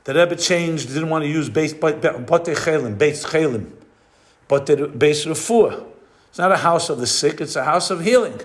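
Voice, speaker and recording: A man's voice: fairly high pitch, moderate pace. A rabbi giving an explanatory class lecture, explaining step by step and weaving in Hebrew and Yiddish terms. He often stops to search for the right word.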